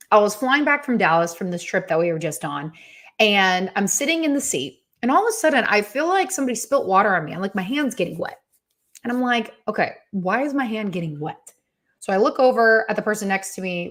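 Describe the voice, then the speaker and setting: A woman speaking in a mid-range voice, giving a motivational talk to her listeners. She tells a personal story in a conversational way and slips into quoted asides as she goes. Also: medium pitch.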